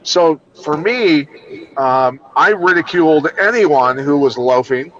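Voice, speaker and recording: A middle-aged man from Iowa talks as a podcast guest, blunt, emphatic and freely profane. His voice sits a little high for a man. The recording sounds dull and lo-fi. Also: expressive, takes it slowly, a bit bright. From Iowa, USA. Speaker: guest, combat and law enforcement trainer. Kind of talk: casual podcast chat.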